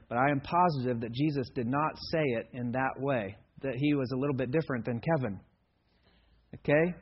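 A man's voice: mid-range voice, breathy edge. Dry, self-deprecating man preaching. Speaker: guest preacher. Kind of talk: conversational sermon. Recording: dull lo-fi sermon recording.

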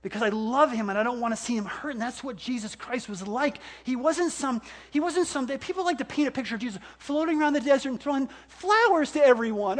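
An older male pastor delivers a sermon in a notably high voice. He is animated, acting out exclamations and quoted voices as he preaches. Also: brisk, hardly any pauses.

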